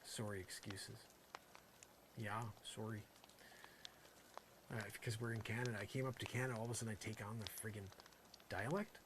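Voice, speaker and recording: A man delivering an improvised comic monologue in a rambling, mock-earnest way, full of "you know" fillers, swinging between loud outbursts and muttered asides. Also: on the low side, brisk, long pauses, background noise. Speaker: comedy vlogger.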